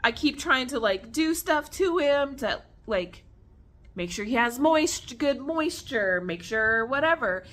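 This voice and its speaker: A woman's voice: high-pitched, slow pace. Chatty woman telling a story to viewers. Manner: animated, chatty, addresses viewers as y'all. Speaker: vlogger. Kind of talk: casual storytelling vlog. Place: at home on the floor with her snake.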